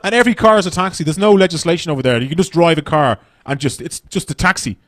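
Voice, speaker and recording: A man's voice: fairly high pitch, quick pace, a bit bright, no room sound, studio quality. An Irish man doing stand-up comedy on a festival stage, brash and profane, rambling through his stories.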